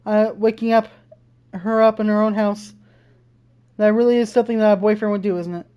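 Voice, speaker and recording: A woman's voice: mid-range voice, little pitch movement, fairly quick, mellow, smooth. A young woman playing through a visual novel, reading its text aloud and breaking off into frightened swearing. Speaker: gaming streamer. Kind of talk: let's-play, reading game text aloud. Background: faint game music.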